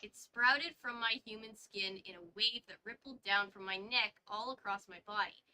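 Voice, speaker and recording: A woman's voice: mid-range voice, moderate pace, bright, forceful tone, smooth, low-quality recording. A woman hosting a casual book read-along, reading aloud with stumbles and chatty asides. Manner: reads aloud with stumbles and side comments.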